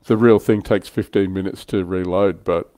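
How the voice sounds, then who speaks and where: A man's voice: sits low, steady tone, moderate pace, mellow. An older man hosting a casual livestream chat, chatty and self-deprecating, laughing often. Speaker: livestream host.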